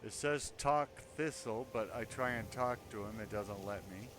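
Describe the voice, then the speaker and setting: A man's voice: fairly low pitch, normal speed, fairly bright tone, slight background noise. Sarcastic man narrating his gameplay. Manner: sarcastic, self-mocking, rambling. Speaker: gaming video host. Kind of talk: let's-play commentary.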